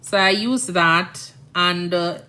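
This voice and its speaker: A woman's voice: fairly low pitch, slow, bright, forceful tone. A woman from Jamaica with a Jamaican accent, a nurse chatting casually on a livestream, rambling and often checking "you understand?".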